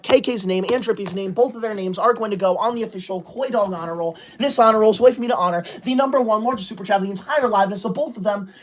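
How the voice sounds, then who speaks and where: A woman's voice: mid-range voice, a little hiss or hum. A woman, livestreaming from home on a laptop and reading viewer comments aloud in an indignant, scolding way. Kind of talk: casual live stream chat. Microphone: laptop setup.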